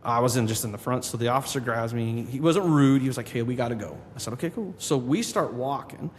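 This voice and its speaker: A man telling a story in a casual podcast chat, at a middle pitch, quoting the people he talks about. His voice trails off into a long reverb, with a faint hiss behind it. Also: fast talker. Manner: animated storyteller, quotes people in his own voice. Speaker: podcast guest, drummer.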